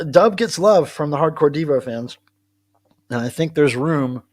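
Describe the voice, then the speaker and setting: A man hosting a casual live stream from home, chatting in a rambling way and answering viewers' comments. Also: mid-range voice. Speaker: livestream host. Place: at home with his cats.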